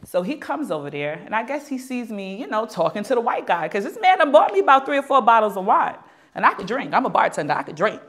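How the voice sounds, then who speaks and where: A young adult woman being interviewed, telling a long story in a lively way and acting out the people in it. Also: a little high, fast. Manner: animated, acts out quoted dialogue. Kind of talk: storytelling anecdote.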